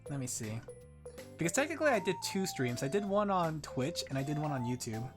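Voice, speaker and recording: An Australian woman talks casually with her stream chat, slightly low in pitch and quick to giggle. She jokes and plays up her complaints with mock drama. Music plays clearly behind her voice. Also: big pitch swings.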